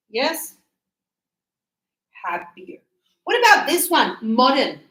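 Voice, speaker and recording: Slow, encouraging woman teaching a class. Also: high voice, expressive, a bit bright, echoey room, low-quality recording. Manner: encouraging, checks understanding with tag questions; slow, drawn-out words for teaching. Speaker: English teacher. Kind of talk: classroom grammar lesson.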